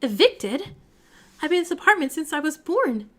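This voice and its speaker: A woman's voice: high-pitched, very animated, normal speed. A woman voicing a brash, angry young woman who protests indignantly and swears in a game read-along. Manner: indignant, cursing.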